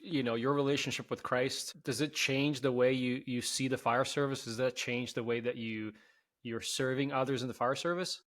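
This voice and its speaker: A man's voice: medium pitch, steady tone, moderate pace, a bit bright. A male podcast host asking a question in a hesitant way, restarting his words. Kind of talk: interview question.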